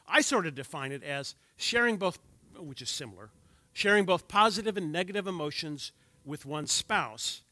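A man's voice: fairly high pitch, expressive, normal speed, bright, forceful tone, no room sound. A man in his sixties teaching a church class on marriage from slides, with wry joking asides to the audience.

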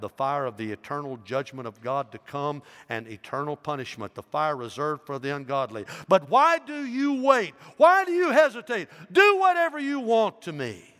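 A man's voice: mid-range voice, fairly bright tone, smooth, lightly acted. A man acting out a defiant elderly bishop answering his judges with fervor. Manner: fervent, proclaiming. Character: defiant old bishop facing martyrdom. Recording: long hall reverb.

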